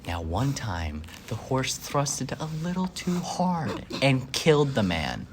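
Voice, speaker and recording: A young man chatting casually with a friend, in an ordinary middle-pitched voice. He tells stories in an animated way and throws out incredulous questions. A faint background hiss sits under the recording. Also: slow pace. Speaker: host. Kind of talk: casual chat.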